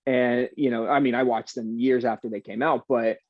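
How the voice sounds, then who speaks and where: A young adult man, an actor guest, chatting casually in an interview, easygoing and animated with plenty of fillers. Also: mid-range voice, normal speed, no echo, highs cut off.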